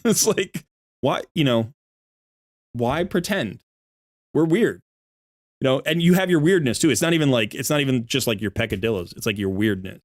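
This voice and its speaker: A middle-aged man chats on a live stream from his home desk mic, rambling and laughing as he pokes fun at himself. His voice sits at an ordinary pitch and sounds dry and close, with no room echo. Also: animated, moderate pace, long pauses. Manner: rambling, self-deprecating, laughs often. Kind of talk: casual live-stream chat. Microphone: desk microphone.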